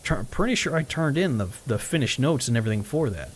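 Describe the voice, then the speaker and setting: A man's voice: medium pitch, fast talker, slight background noise. A man streaming live, casually telling a story full of quoted back-and-forth, with frequent swearing and chuckles. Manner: animated retelling with quoted dialogue, swearing, chuckles. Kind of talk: casual storytelling while gaming.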